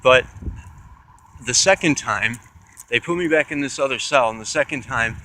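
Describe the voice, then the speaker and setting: Young man, rambling profane storyteller with a bright, pushing edge to the voice. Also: medium pitch, moderate pace, rough recording. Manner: profane, rambling, with restarts and asides. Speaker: channel host.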